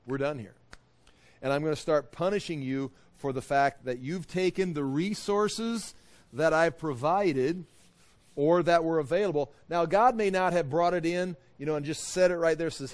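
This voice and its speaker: A man with a fairly high voice leads a Bible study. He retells scripture in a relaxed, folksy way with everyday asides, and often pauses to unpack the meaning of individual Hebrew words. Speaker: Bible teacher.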